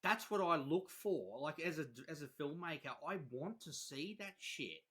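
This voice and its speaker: Husky, bright-voiced filmmaker. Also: male voice, on the high side, lively intonation, normal speed. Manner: enthusiastic, swears. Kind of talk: casual roundtable chat.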